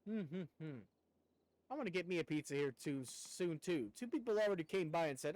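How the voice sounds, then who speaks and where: A man's voice: fairly high pitch, animated, fairly quick, darkish tone, no echo. A man streaming a game, chatting casually with viewers in a rambling way and laughing often. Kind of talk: casual chat while gaming.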